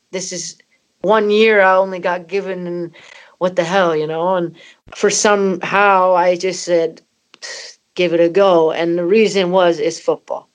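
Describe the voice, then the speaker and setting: Speaking in a lowish voice, a woman footballer in her thirties, originally from Canada, opens up as an interview guest about an emotional personal story. She leans heavily on "you know" as a filler.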